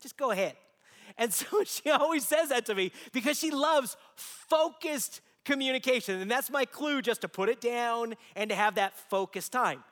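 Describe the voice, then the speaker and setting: A man's voice: very high voice, moderate pace, few pauses, a bit bright. A man in his forties preaching a sermon, telling stories with humor and asking rhetorical questions. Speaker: pastor. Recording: long hall reverb.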